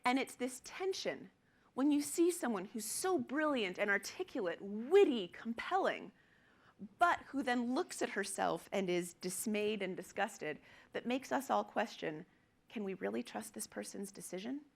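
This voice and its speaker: A woman's voice: medium pitch, sing-song, unhurried, vocal fry. A middle-aged woman physician giving a conference presentation, earnest and emphatic, acting out quotes from her patients. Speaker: physician lecturer.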